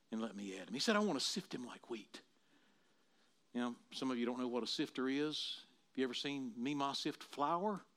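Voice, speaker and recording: A man preaching a sermon, swinging from quiet explaining to loud dramatic bursts as he acts out quoted voices. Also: mid-range voice. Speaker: pastor.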